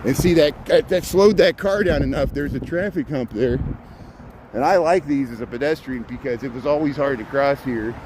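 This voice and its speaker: At dawn in a city park, a man narrates a live walk for his viewers on a handheld phone, his medium-pitched voice a little mellow and moderately paced. He repeats words, restarts sentences and sounds slightly winded, with faint street sounds and traffic hum in the background.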